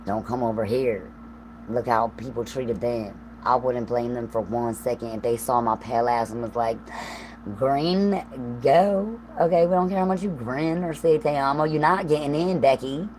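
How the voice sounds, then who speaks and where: A woman with a Southern US accent talks straight into her livestream, her voice sitting unusually low. She rambles from thought to thought with coarse language and laughing asides. A faint hum runs under the recording. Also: normal speed, darkish tone, rough recording. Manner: profane, stream-of-consciousness, laughing asides. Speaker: livestream host.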